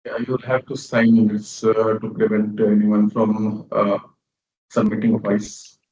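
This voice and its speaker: A man's voice: fairly low pitch, level tone, unhurried, darkish tone. A man organizing an online club meeting, speaking in a plain, matter-of-fact way as he announces results. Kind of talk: casual online meeting talk. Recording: roomy, distant, lo-fi call audio.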